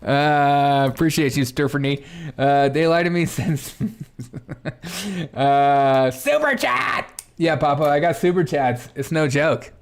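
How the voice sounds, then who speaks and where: A man's voice: on the high side, steady tone, slow, smooth. A man hosting a casual political commentary livestream, reacting to clips with sarcasm and frequent laughter. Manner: sarcastic, laughs often, thinks aloud.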